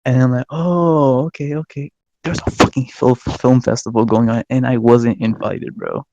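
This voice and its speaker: A young man, a podcast co-host, telling a story in casual chat, excitable and swearing a lot, laughing as he goes. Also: medium pitch, moderate pace, vocal fry, dull audio. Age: young adult.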